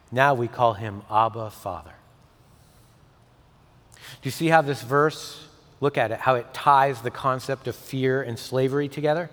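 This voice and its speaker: A male pastor delivering a sermon, swinging from emphatic peaks to soft, intimate tones. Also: medium pitch, a little slow, long pauses. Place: church sanctuary. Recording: long hall reverb.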